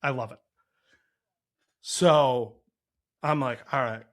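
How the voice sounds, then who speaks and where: A man's voice: mid-range voice, slow pace. A man telling a story in a casual co-host chat, voice set in the middle of the range. He rambles, piles on filler words and jumps into quoted voices with bursts of energy. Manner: animated, rambling, heavy use of "like". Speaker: podcast co-host, chef.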